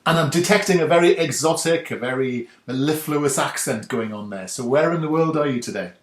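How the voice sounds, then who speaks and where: A man's voice: fairly high pitch, brisk. A man hosting a podcast interview, chatty and friendly, often restarting his sentences. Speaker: podcast host. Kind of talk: casual interview chat. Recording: roomy echo.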